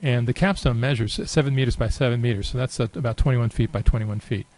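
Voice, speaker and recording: A man giving a relaxed, unscripted screen-recorded software tutorial, thinking aloud with many fillers. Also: medium pitch, fast talker, rough recording. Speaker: software demonstrator.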